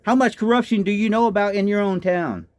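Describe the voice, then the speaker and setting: A man's voice: high-pitched, fairly quick, no echo. A man with a Texan accent ranting in a political commentary, indignant and firing off repeated rhetorical questions. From Texas. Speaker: political vlogger.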